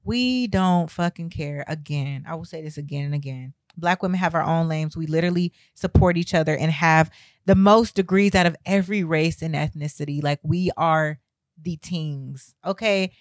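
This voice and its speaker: A woman's voice: deep voice, normal speed, no echo. A woman vlogging a heated opinion rant, talking bluntly with heavy swearing and exasperated emphasis.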